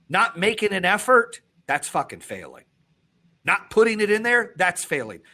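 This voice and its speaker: A man hosting a podcast, talking bluntly and with profanity, swinging between loud pushes and low, quiet stretches. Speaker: podcast host. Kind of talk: intense motivational podcast talk.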